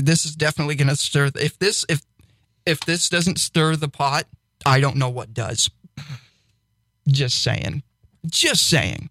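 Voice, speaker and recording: A fairly high-voiced young man telling stories with excitable energy and frequent laughter. He is recorded on a dry, close mic with no room sound, with the easy patter of a radio DJ. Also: no room sound. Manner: excitable storyteller, laughs often. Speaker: podcast co-host and radio DJ. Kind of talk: casual chat.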